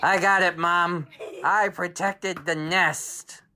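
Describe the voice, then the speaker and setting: A man voicing a small, fierce female dinosaur who shouts boastfully while guarding eggs. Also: high voice, fairly even intonation, slow, background noise, pitched above the performer's own voice. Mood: proud.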